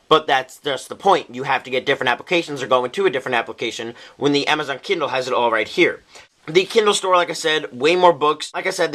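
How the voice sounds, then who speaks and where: A man's voice: medium pitch, bright, forceful tone. A young man casually demonstrating and reviewing a device, talking to viewers with frequent ums and uhs. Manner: chatty, many ums and uhs. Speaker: tech reviewer. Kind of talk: casual product demo.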